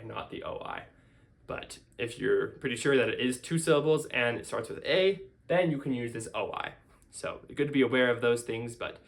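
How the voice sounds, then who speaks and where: A man's voice: medium pitch, fairly bright tone. Man patiently explaining grammar at a whiteboard. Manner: patient, explains step by step, repeats key forms. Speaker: language teacher. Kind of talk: casual whiteboard grammar lesson.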